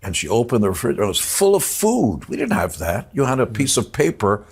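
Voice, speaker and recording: A man telling an emotional personal story in a TV interview, reflective and halting, getting choked up at times. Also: fairly low pitch, wildly swooping pitch, darkish tone, husky. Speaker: interview guest.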